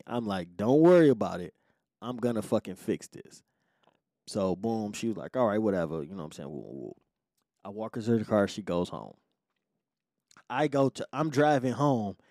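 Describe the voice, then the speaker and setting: A man tells a story from his younger days on his podcast, speaking loosely and swearing in nearly every sentence. He slips into other people's voices to act out their lines. His voice sits at a middle pitch, and the recording is dry and close, with no room sound. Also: a little mellow, no room sound. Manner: profane, acts out quoted lines. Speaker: podcast host. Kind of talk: casual storytelling.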